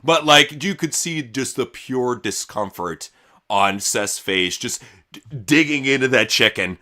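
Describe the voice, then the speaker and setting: Podcast host, man, bright animated voice, crude mocking banter. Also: medium pitch, measured pace. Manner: crude, mocking, laughs often. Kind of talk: casual wrestling news chat.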